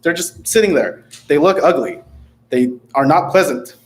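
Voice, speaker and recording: A man's voice: fairly high pitch, lively intonation, normal speed. A man giving a prepared, critical public comment at a city council meeting, sarcastic in tone. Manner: sarcastic, critical, reading from notes. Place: council chamber.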